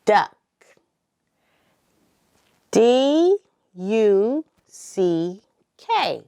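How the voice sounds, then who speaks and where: Woman teacher, very slow, sing-song, lively pitch, coaxing toddlers. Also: vocal fry. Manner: slow, sing-song and encouraging, spelling letter by letter. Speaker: preschool teacher. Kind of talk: circle time lesson for toddlers.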